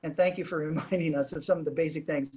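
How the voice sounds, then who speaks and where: A man's voice: on the high side, steady tone, quick pace, warm tone, husky, muffled recording. Man hosting a video call interview, restarting his thoughts. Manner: thinks aloud with many restarts and fillers. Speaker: host.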